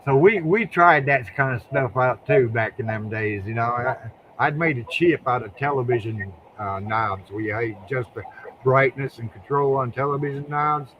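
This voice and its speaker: A man's voice: medium pitch, normal speed, highs cut off, noisy background. An older man from Ohio, a guest drag racer, telling folksy stories in casual interview chat, often repeating words and chuckling.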